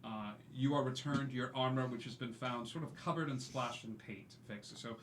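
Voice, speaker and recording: A man running a tabletop game as game master, narrating the scene in a lively way. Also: mid-range voice, normal speed. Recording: echoey room with faint noise.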